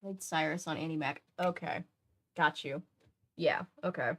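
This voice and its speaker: A woman's voice: deep voice, fairly even intonation, moderate pace, a bit bright. A woman in her twenties, hosting a casual livestream, rambling and chatting with her viewers between bits of a book she is reading aloud. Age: 20s. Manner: rambling, chatty, self-interrupting.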